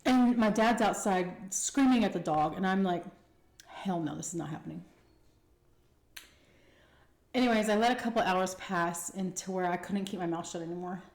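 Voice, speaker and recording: A young woman telling a personal story casually while eating, animated and acting out the quotes. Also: mid-range voice, fairly quick, hardly any pauses. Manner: animated retelling with acted-out quotes. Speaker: mukbang storyteller. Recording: echoey room.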